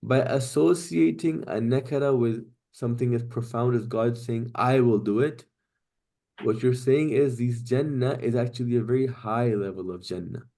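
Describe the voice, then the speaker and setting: A man teaching Quranic Arabic grammar in a class, explaining patiently step by step and reciting Arabic phrases quickly. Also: mid-range voice, warm tone.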